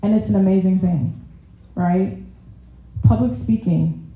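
A woman's voice: medium pitch, unhurried, mellow. Woman preaching in a very echoey room. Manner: chatty, addresses the audience as y'all; laughs at herself often. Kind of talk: casual conversational sermon.

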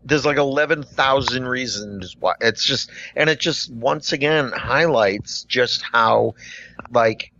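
A man's voice: medium pitch, slow. A middle-aged man with a mid-range voice spins a story from his job in casual conversation. He rambles, stacking up "like"s and false starts. The recording is dull and lo-fi. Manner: rambling, full of "like" and restarts, animated. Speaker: podcast co-host and coffee shop worker.

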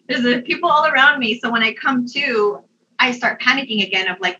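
A young adult woman telling a personal story in a casual, animated way, laughing often and using lots of fillers. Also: a little high, normal speed, slight background noise. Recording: dull, distant mic sound.

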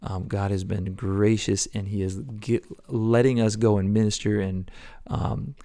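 A man preaching a devotional podcast sermon, earnest, swinging between loud exhortation and hushed whispers. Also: lowish voice, flat delivery, unhurried.

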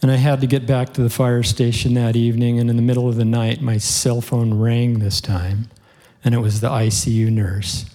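A man's voice: medium pitch, flat delivery, moderate pace. A man preaching, telling a heartfelt story to his congregation in an earnest way. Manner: earnest, heartfelt storytelling with occasional soft laughs. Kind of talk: sermon storytelling.

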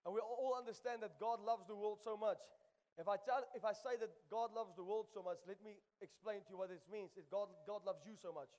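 High-voiced preacher in echoing hall. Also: male voice, a little fast, a little mellow. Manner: emphatic, call-and-response, repeats lines for the crowd. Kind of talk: sermon. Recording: long reverb of a large hall.

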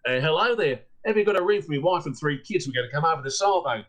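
A man's voice: fairly high pitch, lively intonation, quick pace, a bit bright. A man voicing a chatty Australian family man calling on the phone, in a story he tells. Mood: breezy.

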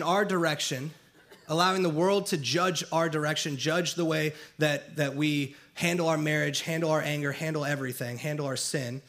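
A man's voice: on the high side, fairly bright tone. A young man preaching a sermon, earnest and building emphasis through repetition. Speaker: pastor.

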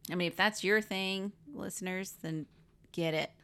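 Low-voiced woman co-hosting a movie podcast. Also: moderate pace, pushed and bright, clean tone. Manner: short agreeing replies and dry asides. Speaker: podcast co-host. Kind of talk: casual movie recap chat.

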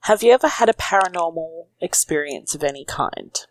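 A woman's voice: low voice, expressive, brisk, rough recording. A woman co-host reading listener questions aloud in a plain, matter-of-fact way.

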